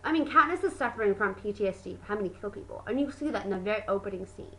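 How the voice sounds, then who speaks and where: A young woman gushing excitedly in a casual video review, full of fillers and exclamations. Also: mid-range voice, racing, rough recording. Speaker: book and movie vlogger.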